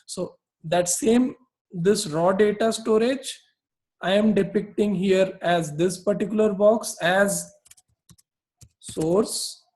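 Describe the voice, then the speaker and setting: A man teaches a technical class at a slow, deliberate pace. His voice sits high for a man. He explains things patiently and often pauses on "uh" while he sketches on a board. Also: a little mellow, rough recording. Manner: explanatory, many fillers and restarts. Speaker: instructor. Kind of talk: recorded technical lecture while drawing.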